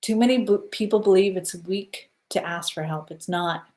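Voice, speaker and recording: A woman hosting a casual spiritual stream, guiding listeners through breathing and giving gentle advice, often checking in with "okay?". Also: medium pitch, moderate pace. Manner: soothing, repeats "okay?" to check in. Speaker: spiritual live-stream host. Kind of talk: casual guided spiritual talk.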